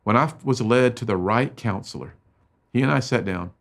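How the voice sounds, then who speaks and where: A middle-aged man with a gravelly edge speaks to students as a motivational speaker. He tells his story with feeling, swinging between loud emphatic bursts and hushed low lines, at a middle pitch. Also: moderate pace. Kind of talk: emotional storytelling talk to students.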